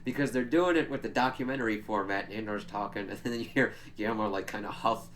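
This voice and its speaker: A man's voice: lowish voice, fast, a bit bright, slight background noise. A man giving a casual, chatty spoiler recap of a TV episode, swearing freely and laughing as he retells scenes. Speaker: show reviewer.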